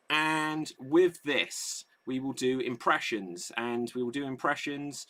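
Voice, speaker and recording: A man's voice: on the high side, expressive, a little slow, hardly any pauses, noisy background. A man hosting a live online improv comedy show, reading out audience votes and setting up games. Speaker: host.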